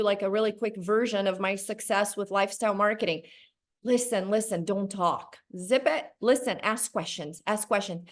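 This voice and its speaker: Woman, sales trainer, animated, acts out dialogue, fairly high voice, video call. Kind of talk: motivational sales training talk.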